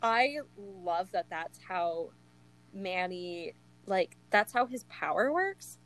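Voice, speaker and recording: A young woman in a casual book chat, gushing and laughing between thoughts. She talks at an unhurried pace, her voice sitting in an ordinary middle range for a woman, and she fills her sentences with "like". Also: mid-range voice, expressive, fairly bright tone, poor audio. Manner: gushing, laughs often, many "like" fillers. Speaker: co-host of a book discussion.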